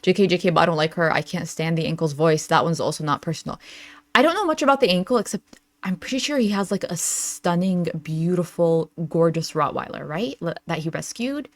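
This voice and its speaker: A woman's voice: lowish voice, expressive, brisk, dry recording. Young adult woman, reaction host, casual chatty commentary, filler-heavy, dry close sound. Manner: chatty, lots of fillers, laughs often. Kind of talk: casual commentary reading chat messages.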